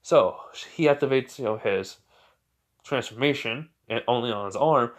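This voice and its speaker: Man, improvised fan-fiction narration, casual, rambling, filler-heavy, mid pitch. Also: moderate pace. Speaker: storyteller.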